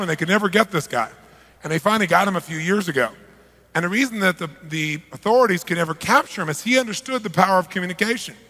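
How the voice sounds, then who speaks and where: A man giving an energetic live seminar talk, often putting questions to the audience. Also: high-pitched, gravelly. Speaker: motivational seminar speaker. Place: large seminar hall. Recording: live hall reverb.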